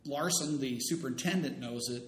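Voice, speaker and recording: A middle-aged man in casual chat, rambling and acting out the people in his story. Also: moderate pace. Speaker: storytelling guest. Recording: roomy room with faint rumble.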